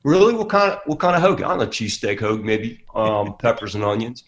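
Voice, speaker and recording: A man's voice: lowish voice, big pitch swings, fast talker. A man telling a loose, rambling anecdote as a guest on a talk show. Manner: loose, rambling, doing a comic dialogue.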